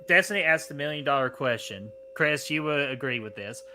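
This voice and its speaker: Brief: male host, live stream, crude jokey banter, bright tone, faint hum behind. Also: a little high, lively intonation, fairly quick. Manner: crude, jokey, reads out chat questions. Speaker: podcast host. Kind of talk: casual live-stream movie chat.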